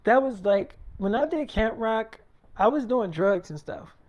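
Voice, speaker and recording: A man voicing a famous young woman singer who is shy and embarrassed, talking quietly and hesitantly in an improvised freestyle role-play. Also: high voice, lively intonation, a little slow.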